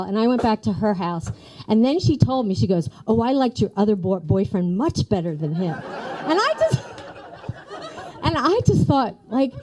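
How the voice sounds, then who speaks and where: A woman's voice: medium pitch, poor audio. Woman in her fifties giving a eulogy. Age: 50s. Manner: warm storytelling, laughs at her memories. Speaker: eulogy speaker, niece. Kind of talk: personal eulogy at a funeral.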